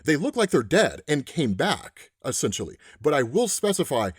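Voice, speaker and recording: Man, casual comic recap, animated and chatty, dry close mic. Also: on the high side, normal speed, husky, no room sound. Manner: animated, chatty, says "right?" often. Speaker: comic book explainer.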